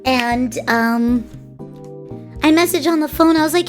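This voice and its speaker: Very high-voiced woman rambling through a story. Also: unhurried, long pauses, faint music behind. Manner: animated, rambling, self-interrupting. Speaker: streamer. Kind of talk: casual storytelling.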